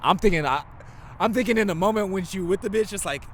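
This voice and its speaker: A man's voice: sits high, fast talker, a bit bright, a little hiss or hum. A young man co-hosting a casual podcast chat, slangy and laid-back, often laughing. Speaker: podcast co-host.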